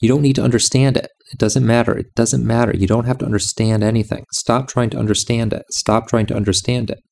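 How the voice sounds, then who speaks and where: Gravelly, dark-voiced man teaching intently. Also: medium pitch, little pitch movement, fast. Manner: insistent, repetitive phrasing. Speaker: music and meditation teacher. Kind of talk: reflective monologue.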